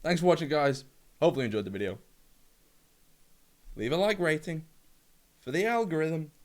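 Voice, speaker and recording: A man's voice: fairly high pitch, animated, brisk. A man talks to a camera alone in his room, ranting with no script. His delivery rambles and stumbles over fillers, and he swears freely as he goes. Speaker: gaming YouTuber. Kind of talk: unscripted rant to camera.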